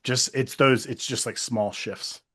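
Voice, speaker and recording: A man co-hosting a podcast in casual chat, animated, laughing often and acting out remarks. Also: mid-range voice, measured pace, husky. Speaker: podcast co-host.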